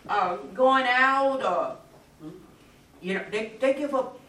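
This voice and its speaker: A woman's voice: high-pitched, slow, bright, forceful tone. A woman talking earnestly and emphatically in a casual faith discussion. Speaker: church discussion participant. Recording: echoey room, mic far off, faint noise.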